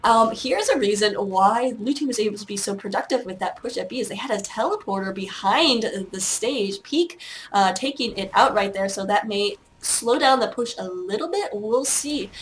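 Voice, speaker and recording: A woman's voice: mid-range voice, expressive, normal speed, slight background noise. A woman giving solo play-by-play commentary on an online game match, chatty and self-mocking, with many hesitations and fillers. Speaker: esports caster.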